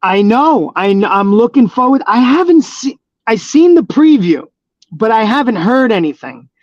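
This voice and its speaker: A man's voice: very high voice, big pitch swings, moderate pace, no echo, lo-fi sound. A man, a professional wrestler, telling stories in a casual interview, rambling with many fillers and restarts.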